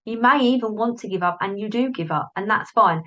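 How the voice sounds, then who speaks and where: A woman's voice: mid-range voice, brisk, fairly bright tone, muffled recording. A woman hosts a solo podcast and talks straight to the listener. She is chatty and often cuts herself off mid-sentence to restart, and she slips into little inner voices as she goes. She is recorded on a device's built-in mic rather than a plugged-in one. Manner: chatty, self-interrupting, acts out inner voices. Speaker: podcast host, business coach. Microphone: device's built-in mic, not the plugged-in one.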